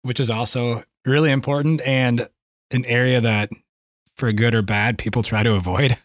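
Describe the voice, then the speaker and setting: Relaxed male podcast host, mid-range voice, dry studio sound. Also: medium pitch, moderate pace, dry recording. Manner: relaxed, conversational, steering the talk. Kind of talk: casual interview hosting.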